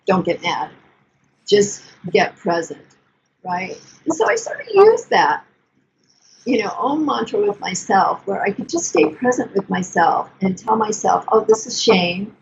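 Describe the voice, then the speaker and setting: An older woman therapist explaining emotional self-care in an earnest, coaching way, with gentle self-soothing asides. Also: medium pitch, big pitch swings, measured pace, gravelly. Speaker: therapist guest. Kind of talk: explanatory podcast talk. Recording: dull lo-fi sound with faint noise.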